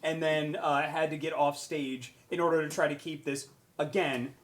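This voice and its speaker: Man telling an animated story. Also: fairly high pitch, moderate pace. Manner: animated, acts out quotes with raised voice. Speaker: panelist on a charity stream. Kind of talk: casual storytelling.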